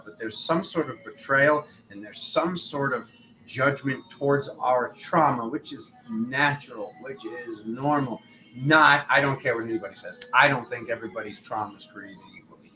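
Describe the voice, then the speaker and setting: A young man gives a tarot reading in a bright, forceful voice. He talks in a loose, rambling way and slips into the voices of people from his stories. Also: medium pitch, a little hiss or hum, low-quality recording. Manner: rambling, acts out quoted voices. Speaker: tarot reader. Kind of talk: spiritual tarot reading monologue.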